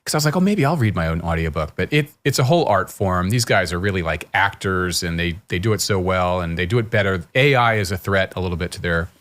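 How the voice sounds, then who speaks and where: A middle-aged man hosts a relaxed podcast conversation, talking in a slightly low voice. He tells stories in a loose, rambling way and often restarts his sentences. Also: fast talker, hardly any pauses. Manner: chatty storyteller, frequent restarts. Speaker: podcast host. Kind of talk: casual conversational interview.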